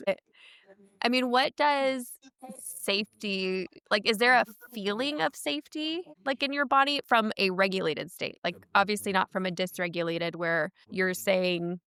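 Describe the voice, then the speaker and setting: A woman's voice: mid-range voice, moderate pace, a bit bright, clear, resonant tone. A woman hosting a podcast, chatty and candid, sharing her own experience and asking questions. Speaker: podcast host. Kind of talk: casual podcast interview.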